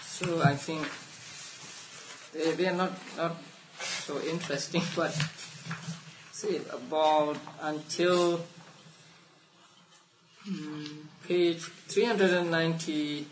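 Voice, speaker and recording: A man teaching a Buddhist text to a study class, explaining slowly with restarts and soft laughs. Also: a little high, fairly even intonation. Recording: roomy, distant mic, faint room noise.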